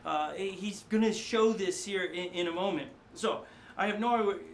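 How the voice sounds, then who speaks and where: A middle-aged male pastor preaching a sermon in a studio, animated and conversational, often acting out voices. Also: high voice, normal speed, creaky, a little hiss or hum.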